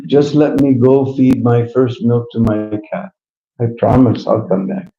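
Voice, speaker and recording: A man voicing a gentle old mother cow. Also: medium pitch, fairly even intonation, measured pace, creaky, soft background music. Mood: pleading. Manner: earnest, begging. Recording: roomy, slightly dull live recording.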